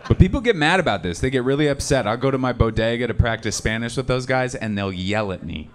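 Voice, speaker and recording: A male stand-up comedian from the Seattle area, doing a conversational live set with deadpan punchlines and loud impressions of angry people. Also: mid-range voice, fast talker. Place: comedy club stage. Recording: live club recording with crowd laughter. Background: audience laughter.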